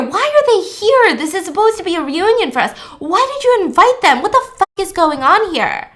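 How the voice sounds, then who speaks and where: A woman voicing a grieving father who loses control and yells accusations at his friends. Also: very high-pitched, voice pushed up, full character voice. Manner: yelling, accusing, swearing. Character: frantic grieving father, a man shouting accusations.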